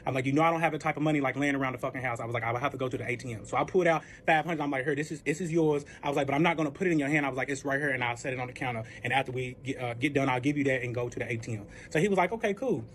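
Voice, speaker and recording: A young man telling a personal story in a casual vlog, animated and profane, acting out both sides of the conversation. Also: mid-range voice, racing, few pauses, slight background noise.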